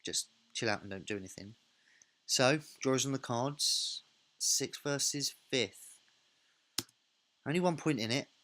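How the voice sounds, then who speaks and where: A man's voice: mid-range voice, expressive, moderate pace, a bit bright. A man hosting a let's play, thinking aloud in a casual, self-correcting way while he narrates a football management game.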